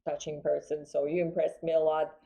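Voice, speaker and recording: Woman podcast host, effusive, mellow dark tone, slightly low pitch, casual interview. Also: level tone, fairly quick, creaky, poor audio. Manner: warm, effusive praise with fillers. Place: studio.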